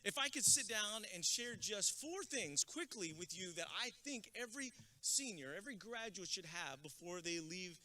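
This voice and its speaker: A man giving a comedic, energetic graduation speech as a motivational speaker, dropping in Spanish words. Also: high-pitched, moderate pace, hardly any pauses. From Texas. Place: outdoor graduation ceremony with stands.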